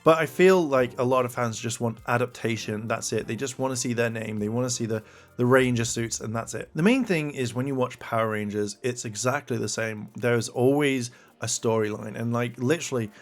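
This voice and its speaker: A man hosting an opinion commentary, talking in a rambling, casual way full of fillers, his pitch climbing when he gets exasperated. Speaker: commentary channel host.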